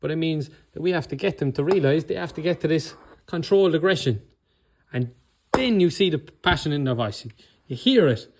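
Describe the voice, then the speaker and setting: Intense Irish coach with controlled anger. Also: male voice, a little high, expressive, fairly quick, a little hiss or hum. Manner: blunt, swears, keeps checking in with "okay?". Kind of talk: motivational talk.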